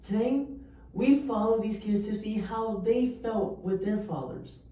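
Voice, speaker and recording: A woman's voice: medium pitch, a little slow, dark tone. A young woman reciting poems earnestly, with emphatic delivery. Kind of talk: poetry recitation. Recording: echoey, distant, muffled room recording.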